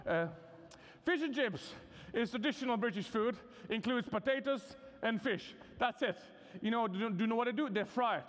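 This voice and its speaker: The guest preacher, a man from Serbia, has a very high, somewhat bright voice and a Serbian accent. His sermon at the university vespers service is casual and witty with many fillers, and the large chapel hall lends a long reverb.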